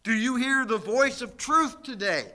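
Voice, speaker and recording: Male preacher, sermon, slow and deliberate, high voice, rhetorical questions, emphatic. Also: expressive, sharp tone. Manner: slips into mocking quoted voices.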